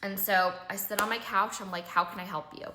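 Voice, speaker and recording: A young woman telling a personal story casually, animated and full of "like", acting out quoted dialogue. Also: medium pitch, brisk, noisy background. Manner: animated, filler-heavy "like" retelling with quoted dialogue. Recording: echoey room.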